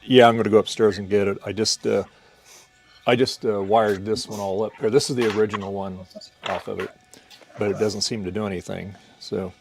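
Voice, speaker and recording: Low-voiced man talking through a repair. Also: fairly even intonation, brisk, gravelly, over music. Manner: explains repair steps while working. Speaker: host. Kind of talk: casual live-stream chat.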